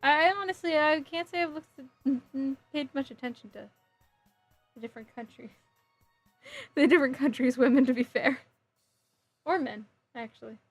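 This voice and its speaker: At a normal speed but pausing often, a fairly high-voiced New Jersey woman chats casually with stream viewers as she builds a model kit, faint music in the background. She's giggly and scattered and answers the chat out loud.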